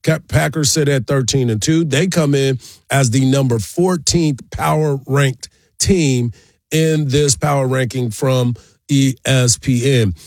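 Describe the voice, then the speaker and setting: A man's voice: mid-range voice, unhurried, darkish tone, no room sound. A man hosting a morning sports radio show, running through promos and team stats in an upbeat way into a studio mic. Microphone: studio microphone.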